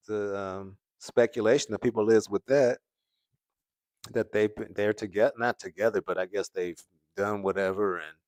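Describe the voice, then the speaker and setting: A man hosting a commentary livestream, reading viewer comments and musing in a relaxed, casual way with frequent laughs. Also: on the low side, dry recording, clean studio sound. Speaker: commentary channel host. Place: home in California.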